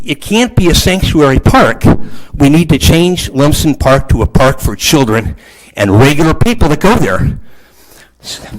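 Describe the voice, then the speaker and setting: A man's voice: fairly high pitch, poor audio. A man giving public comment at a city council meeting, pleading emotionally with the council. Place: council chamber.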